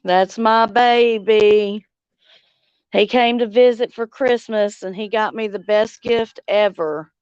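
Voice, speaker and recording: A middle-aged woman from Louisiana with a Southern accent, chatting casually on a livestream and reading comments, slow and drawling, laughing often. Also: medium pitch, darkish tone, clean tone, dry recording, highs cut off. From Louisiana, United States. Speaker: livestream host. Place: outdoors on a front porch swing.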